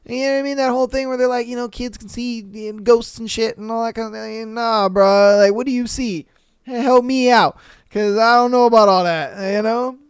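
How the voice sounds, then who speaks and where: Brief: male podcast host, smooth clear voice, dry close sound, crude slangy commentary. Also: very high voice, steady tone, moderate pace, no echo. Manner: profane, slangy, laughing reactions. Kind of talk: casual podcast reading listener posts with commentary.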